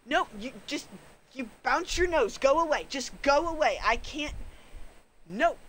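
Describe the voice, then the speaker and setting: A woman's voice: high-pitched, lively intonation, measured pace, a bit bright, a little hiss or hum. A woman streaming a game live, talking to herself and to the creatures on screen, often panicking and pleading with them. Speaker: gaming streamer.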